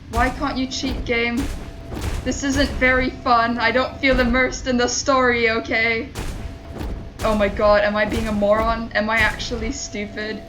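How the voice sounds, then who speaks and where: A woman's voice: on the high side, poor audio. A woman streaming a game, talking to herself and her chat in frustrated, swearing casual commentary. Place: home streaming setup.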